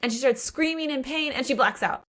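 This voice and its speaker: A woman chatting casually as a podcast co-host. She retells a story with lively, animated quoting of the characters, dropping in exclamations and the odd curse. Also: high voice, fairly quick. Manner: animated retelling with voiced quotes and swearing. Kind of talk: casual book recap chat.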